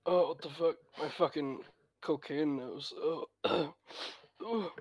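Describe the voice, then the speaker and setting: A man's voice: on the high side, slow pace, slightly rough, no room sound. A man in casual gaming voice chat, swearing often and bursting into laughter. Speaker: player.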